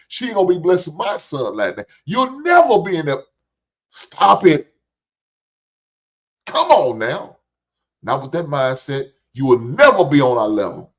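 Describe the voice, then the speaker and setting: A man's voice: on the high side, very animated, moderate pace. A man hosting a show, ranting profanely and preaching at the camera, sometimes taunting in a sing-song voice. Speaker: show host reacting to clips. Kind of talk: casual commentary. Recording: dull lo-fi sound.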